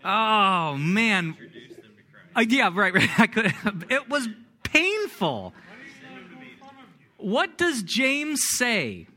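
Man, middle-aged, pastor, sermon, high voice, very lively pitch, self-deprecating storyteller. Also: very slow, long pauses.

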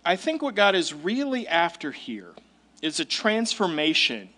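A man's voice: high voice, wildly swooping pitch, a little slow, bright, forceful tone. A male pastor giving a sermon in a conversational, emphatic way with casual asides.

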